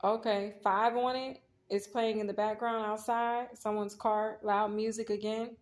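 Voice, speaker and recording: A woman's voice: medium pitch, flat delivery, measured pace. Rambling woman reading tarot. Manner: rambling, talks straight to viewers, retells scenes quoting herself. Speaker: tarot reader. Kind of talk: casual storytelling with a tarot reading.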